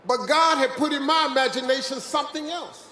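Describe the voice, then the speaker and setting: A man's voice: very high-pitched, steady tone, a little fast, sharp tone. Older man, American accent, motivational speaker, preachy and joking, echoey dome. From West Virginia, USA. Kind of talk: live motivational speech. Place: large dome venue with live audience. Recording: echoey dome, faint crowd noise.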